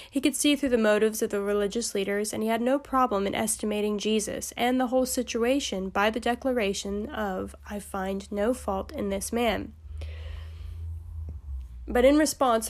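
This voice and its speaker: A woman's voice: fairly high pitch, a little mellow. A woman hosting a Bible study podcast, reading passages steadily and breaking into chatty, amused asides.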